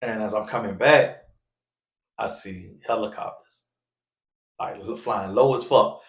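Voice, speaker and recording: A man telling a story on a casual podcast, acting out the people he quotes in loud, raised voices. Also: fairly low pitch, measured pace. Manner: animated, acts out quoted voices loudly. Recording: echoey room.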